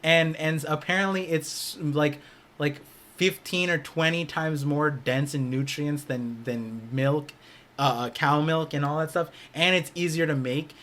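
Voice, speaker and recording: A man's voice: a little high, steady tone, unhurried, fairly bright tone. A young man co-hosting a podcast in casual chat, rambling with many restarts and fillers. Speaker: podcast co-host.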